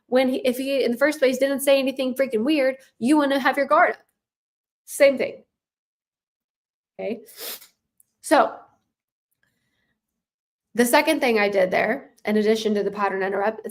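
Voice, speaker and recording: Woman sales coach with a slightly higher voice, blunt, emphatic and casual, keeps checking in with the listener. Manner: emphatic and blunt, with frequent "right?" and "okay?" check-ins; casual, with mild swearing.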